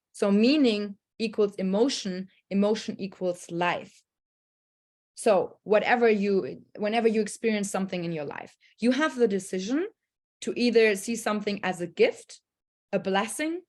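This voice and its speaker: A woman talks over a video call in a casual, motivational way, earnest and animated. She tells her story with many fillers and restarts, and she acts out her own past thoughts. Her voice sits at a middling pitch. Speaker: speaker sharing a personal story on a group call. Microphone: group video call.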